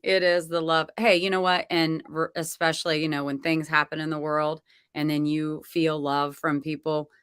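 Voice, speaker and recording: A woman's voice: deep voice, little pitch movement, normal speed, hardly any pauses, smooth, no room sound. Female co-host, talkative storyteller, dry close recording. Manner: chatty, warm-hearted storytelling. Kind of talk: casual chat.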